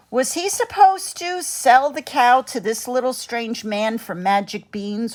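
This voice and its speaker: Woman storyteller, slow and dramatic, lively pitch. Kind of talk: bedtime story narration.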